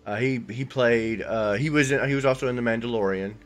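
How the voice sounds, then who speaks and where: A man co-hosting a casual podcast, talking enthusiastically with quick asides. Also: medium pitch, a little hiss or hum. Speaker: podcast co-host. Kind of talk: casual chat.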